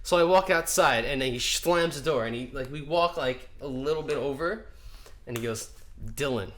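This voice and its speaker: A young man telling a school story on a casual podcast, animated and laughing as he acts out the people in it. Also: on the high side, moderate pace. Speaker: podcast co-host.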